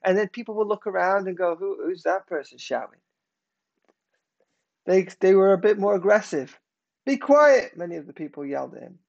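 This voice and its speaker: A man preaching a sermon, emphatic, swinging between loud declarations and hushed, slowed passages. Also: high voice, creaky, dull audio.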